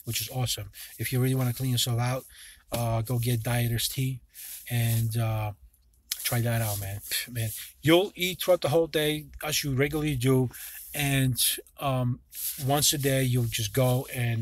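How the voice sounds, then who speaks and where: A man talking casually to his viewers in a vlog, rambling and swearing freely, often restarting his sentences. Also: medium pitch. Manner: rambling and profane, with many restarts. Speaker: vlogger.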